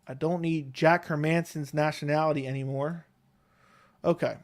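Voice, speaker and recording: A Connecticut MMA YouTuber reads his live chat from home, seated near his desk microphone and speaking fairly quickly. His slightly higher-than-average male voice stays relaxed and rambling as he takes viewer questions one by one.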